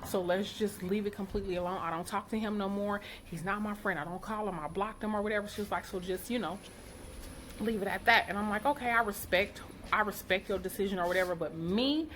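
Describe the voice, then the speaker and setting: A middle-aged woman, a mother, telling a story to her viewers in a casual, outspoken and animated way, acting out what each person said. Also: mid-range voice, fast talker, slight background noise. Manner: animated, outspoken, quotes people in character. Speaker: vlogger, mother.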